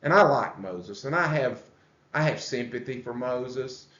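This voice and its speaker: A man teaches a church Bible study at a slow, deliberate pace. He stops often to ask the group questions. The recording sounds roomy and a little muffled. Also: mid-range voice, expressive, a bit bright. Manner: unhurried, explains and asks the group questions. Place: church room. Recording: echoey room, dull lo-fi sound.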